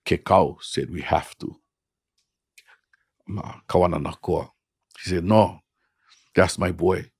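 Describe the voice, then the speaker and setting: Gravelly, deep-voiced Hawaiian man. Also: darkish tone, no room sound, studio quality. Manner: frank, blunt, salty. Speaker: podcast guest, hula teacher. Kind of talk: casual storytelling.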